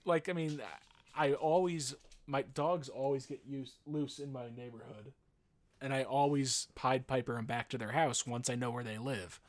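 A man's voice: mid-range voice, moderate pace. A man telling a rambling story in casual chat, swearing freely and acting out the people in it with laughs. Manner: animated storyteller, swears, acts out voices with laughs. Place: Los Angeles area.

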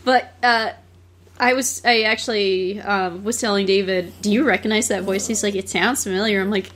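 A woman's voice: mid-range voice, fairly even intonation, normal speed, a bit bright, a little hiss or hum. A woman casually co-hosting a podcast, animatedly retelling a cartoon plot and laughing easily. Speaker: podcast co-host. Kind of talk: casual film discussion.

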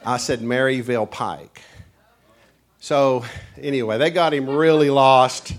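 A man's voice: mid-range voice, fairly even intonation, unhurried. Male pastor, East Tennessee mountain accent, folksy joking sermon delivery, mid-range voice. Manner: folksy, joking, chuckling storyteller. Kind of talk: humorous sermon to a congregation.

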